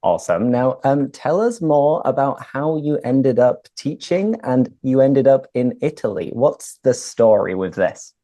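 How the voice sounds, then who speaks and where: A man's voice: mid-range voice, expressive, unhurried, hardly any pauses, dark tone, no echo. A man hosting an English-learning interview, asking questions and giving short encouraging responses. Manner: encouraging, brief prompts. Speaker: host, English teacher.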